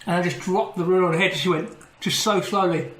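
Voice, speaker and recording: A man's voice: high voice, fast talker. A man rambling through a story on a podcast and laughing. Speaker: podcast co-host. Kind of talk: casual chat, anecdote. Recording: echoey room with faint noise.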